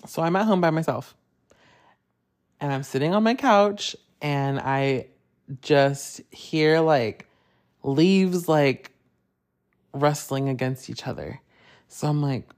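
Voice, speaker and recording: Chatty and profane, a young man hosting a podcast recounts his own ghost story, full of "like" fillers and high-pitched impressions when he quotes people. He takes it slowly, with long pauses.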